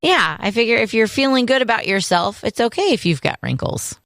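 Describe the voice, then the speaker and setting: A woman's voice: a little high, sing-song, fairly quick, vocal fry, fairly bright tone, no echo, clean studio sound. A woman co-hosting a casual chat show, playful and teasing, laughing often as she talks about her kids. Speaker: podcast co-host.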